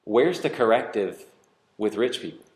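A man's voice: fairly low pitch, expressive, moderate pace, reverberant. A man preaching a sermon, reading scripture aloud and arguing over it with growing intensity. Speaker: pastor.

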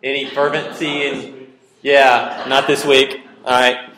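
A man preaching in an echoing room, his mid-range voice bouncing off the walls. He moves between quiet earnest pleading and sudden loud, playful bursts, acting out small scenes and quizzing the crowd. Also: medium pitch, slow pace, slight background noise. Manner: animated, acts out little scenes, asks the room questions. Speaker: pastor. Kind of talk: sermon with Bible teaching. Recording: roomy echo.

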